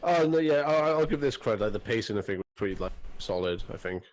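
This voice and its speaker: A man's voice: on the low side, expressive, fast. A man who is a guest on a podcast, adding short, laid-back, profane remarks. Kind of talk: casual podcast discussion.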